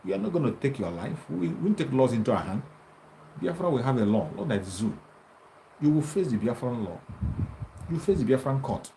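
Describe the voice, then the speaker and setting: A combative man delivers a taunting political monologue, his pitch leaping high and dropping low as he presses his points. His tone is dark and mellow. A faint hiss runs under the recording. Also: sing-song, brisk, poor audio. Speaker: activist commentator.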